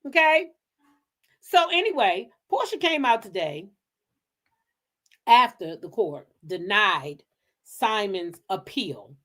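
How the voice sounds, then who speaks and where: A woman's voice: medium pitch, sing-song, slow, long pauses, bright, forceful tone. Gossip host, woman; profane, sassy, heated unscripted commentary.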